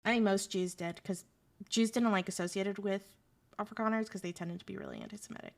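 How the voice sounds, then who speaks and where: A woman's voice: mid-range voice, steady tone, fast talker, vocal fry. Sarcastic, joking woman streamer. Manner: sarcastic, joking, answers chat. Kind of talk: casual live-stream chat.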